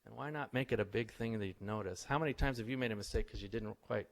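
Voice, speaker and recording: A man in casual explanatory talk, relaxed and conversational, with fillers and asides. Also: fairly low pitch, fast.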